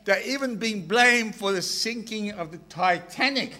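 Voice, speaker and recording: A man telling jokes to a crowd at a slow, drawn-out pace, laughing at his own punchlines. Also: high-pitched, bright, forceful tone, long reverb tail. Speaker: joke teller. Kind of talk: stand-up joke telling to a crowd.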